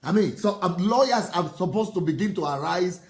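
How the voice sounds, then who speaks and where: A man, a pastor commenting on a video in an impassioned, repetitive way that rises to shouts. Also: sits high, animated, a little fast. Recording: roomy echo.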